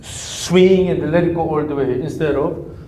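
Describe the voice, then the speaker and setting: A man coaching a golf swing, giving calm, repetitive cues and humming through counts. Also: fairly high pitch, fairly quick, a little hiss or hum. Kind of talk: live coaching session. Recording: echoey room with faint ambience.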